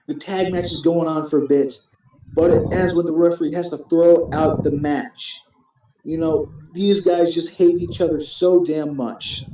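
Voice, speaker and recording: A man with a slightly high but mellow voice rambles through a casual recap, starting his sentences over and swearing freely. The room around him echoes. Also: slight background noise. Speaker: host recapping a simulated wrestling show. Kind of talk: casual profane recap chat.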